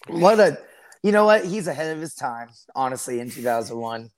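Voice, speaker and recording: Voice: medium pitch, a little fast. Giggly podcast co-host. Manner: giggly, mock-gushing. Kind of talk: casual podcast chat.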